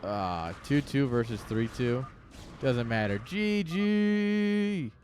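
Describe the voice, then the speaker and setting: A young man commenting live on an esports match in an excitable, joking way, talking straight to his chat. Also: medium pitch, measured pace, slight background noise. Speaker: game caster.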